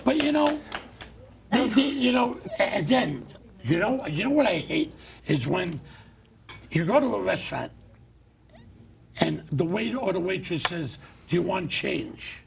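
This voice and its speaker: A middle-aged man hosting a talk show, telling stories in a blunt, loud, animated rant. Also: high voice, measured pace, gravelly, pauses often, background noise. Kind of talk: casual ranting monologue.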